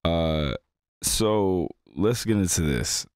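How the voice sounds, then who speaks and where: A man's voice: low voice, lively intonation, takes it slowly, darkish tone, clean tone, no echo, clean studio sound. A man hosting a casual podcast, teasing his co-host and steering the chat into new segments.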